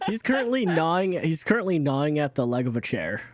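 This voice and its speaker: A man running a tabletop game as dungeon master, describing scenes with many pauses and fillers. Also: a little high, very animated, crowd noise. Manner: unhurried, halting, full of fillers.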